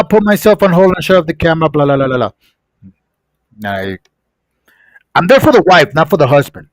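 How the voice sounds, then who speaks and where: Male streamer, animated storyteller, lively pitch, slightly high voice. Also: brisk, pauses often, dry recording, rough recording. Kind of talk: casual storytelling.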